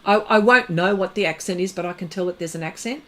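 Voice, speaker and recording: A woman's voice: fairly low pitch, quick pace. A middle-aged Australian woman hosting an art livestream, chatting casually and rambling with viewers, full of fillers and restarts. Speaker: artist livestream host. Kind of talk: casual chat with live viewers.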